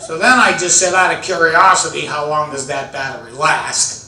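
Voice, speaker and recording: An older man, an after-dinner speaker telling stand-up style comic stories, building to excited shouted punchlines. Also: a little high, moderate pace, background noise. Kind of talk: stand-up storytelling. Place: large event hall with an audience. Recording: echoey hall, mic at a distance, audience laughter.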